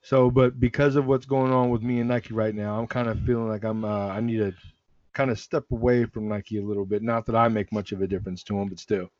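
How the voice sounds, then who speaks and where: A man's voice: lowish voice, fairly quick, no echo. Easygoing guy talking sneakers, rambly, kinda dull lo-fi sound, dry. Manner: relaxed, rambling with restarts. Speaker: sneaker podcast host. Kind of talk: casual chat.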